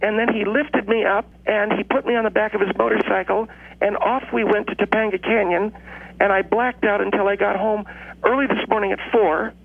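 Brief: man playing a high, brash woman caller, boastful and combative, heard over a tinny phone line. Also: fairly even intonation, gravelly, slight background noise. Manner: boastful, combative, drawn-out storytelling.

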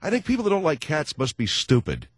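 A man hosts a radio talk show, delivering a sardonic comic rant as a storytelling monologue in a studio. His voice is a little high with huge pitch swings, he talks fast, and there's no echo.

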